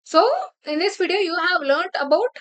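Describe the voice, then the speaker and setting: A woman teaching a programming lesson over a screen share. She explains step by step and keeps checking with "right?" and "clear?". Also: very high-pitched, normal speed, fairly bright tone. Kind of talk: screen-share coding tutorial.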